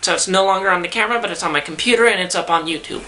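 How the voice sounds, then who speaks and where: A woman's voice: on the low side, rapid-fire, pushed and bright, a little hiss or hum, rough recording. A young woman vlogging from home into her camera mic, chatting casually and rambling with self-deprecating asides. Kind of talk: casual vlog chat. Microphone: camera mic, talking to camera.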